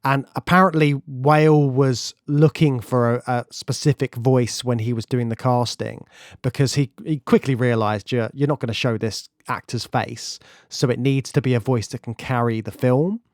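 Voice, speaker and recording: A man co-hosting a podcast, talking enthusiastically about film history in a casual, animated way. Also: medium pitch, normal speed, no room sound, clean studio sound. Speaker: podcast co-host.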